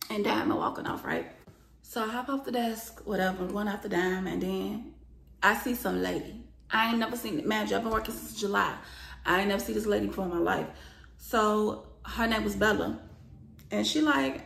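A young woman telling a profane storytime vlog, acting out the quoted lines loudly and with lots of emotion. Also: mid-range voice, normal speed, gravelly, echoey room. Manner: animated, profane, acts out quoted lines with rising loudness.

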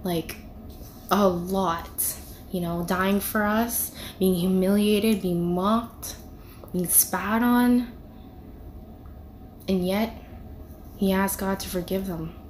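A woman's voice: medium pitch, fairly even intonation, slow, long pauses, a little hiss or hum. A young woman giving a casual devotional talk, conversational and full of "you know" and "like". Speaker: devotional video speaker.

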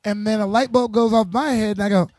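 High voiced guy filling everyone in on the night, lots of uhs, super dry sound. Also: steady tone, fast, a little mellow, dry recording. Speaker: podcast co-host. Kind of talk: casual chat.

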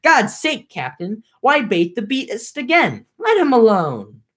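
A woman's voice: on the high side, wildly swooping pitch, slow, a bit bright, breathy edge, voice pushed up, exaggerated voice. A woman voicing anxious male sailors pleading with their captain, in an amateur read-aloud. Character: worried male ship's crew, pleading with captain.

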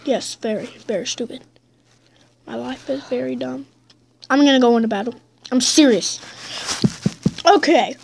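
Young female gamer, high voice, excitable casual commentary. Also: moderate pace, vocal fry, pauses often, noisy background. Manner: excitable, bursts into high squeals and drops to mutters. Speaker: gameplay commentator.

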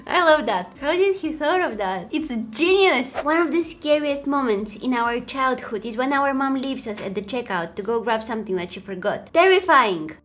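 Woman host, high and expressive, chatty reaction-video delivery. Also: normal speed, few pauses. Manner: animated, exclaiming and laughing at clips. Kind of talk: casual reaction commentary.

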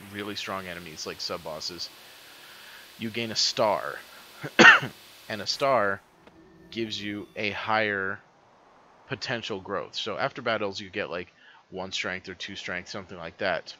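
A man's voice: low voice, bright, forceful tone, a little hiss or hum. A man explaining a game in casual, rambling commentary, full of ums and uhs. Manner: rambling, filler-heavy explaining. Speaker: let's player. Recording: game music underneath.

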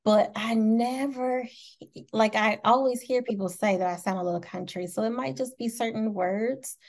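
A woman's voice: on the high side, fairly even intonation, moderate pace, darkish tone. A woman from Indiana with a Midwestern American accent, hosting an interview in a bubbly, giggly, enthusiastic way. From Indianapolis, Indiana, USA. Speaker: talk show host. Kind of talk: casual interview chat.

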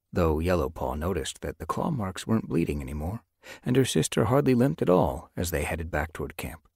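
A man narrating a children's animal novel as an audiobook, with expressive storytelling. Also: sits low, gravelly, breathy edge, no echo, studio quality. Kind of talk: scripted narration.

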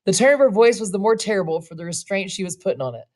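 A woman's voice: medium pitch, sing-song, rapid-fire, a little mellow. A woman narrating a western short story aloud, breaking off for casual asides. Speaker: reader and narrator.

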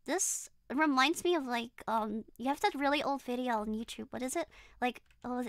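A woman's voice: on the high side, fairly even intonation, normal speed, clean tone, no echo, clean studio sound. A young woman streaming a horror game, chatting casually and rambling with a giggly, hesitant manner. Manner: giggly, rambling, lots of ums and restarts. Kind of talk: casual gameplay chat.

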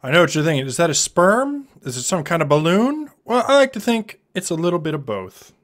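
A man's voice: fairly high pitch, sing-song, fairly quick. A man in his thirties giving goofy, joking commentary on a live stream while playing a drawing game. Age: 30s. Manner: goofy, jokey, with sudden loud silly outbursts.

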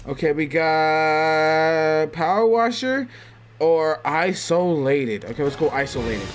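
A man doing gameplay commentary for a let's play, excitable, yelping and laughing, swearing freely. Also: on the high side, slow. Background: game music and fight sounds.

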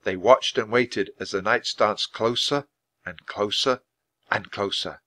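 A man reading a children's chapter book aloud at a clear, measured pace for English learners. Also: fairly low pitch, sharp tone. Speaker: storybook reader.

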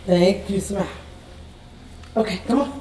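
A woman's voice: medium pitch, measured pace. A woman coaxing children to turn and look for a picture. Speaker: parent or helper taking photos. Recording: echoey room, distant mic, crowd.

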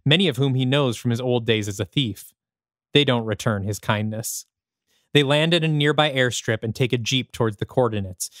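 A man's voice: medium pitch, fairly bright tone, no room sound, studio quality. A man, the host of a podcast, reading his own screenplay aloud with dramatic, descriptive present-tense narration.

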